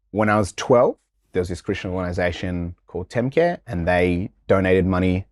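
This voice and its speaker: A man tells stories in a casual interview, slangy and lively, jumping into other people's voices as he goes. His voice sits low. The sound is close and dry. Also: no room sound. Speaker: guest.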